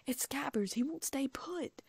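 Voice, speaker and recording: A woman voicing an excitable, easily flustered teenage wizard boy in a storybook reading, pitched high and agitated. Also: moderate pace, husky, no room sound. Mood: frantic.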